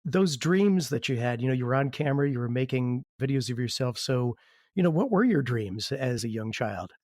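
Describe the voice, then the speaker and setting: A man hosting a podcast interview, asking long, measured questions. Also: mid-range voice, lively intonation, darkish tone, no room sound, clean studio sound. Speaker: podcast host.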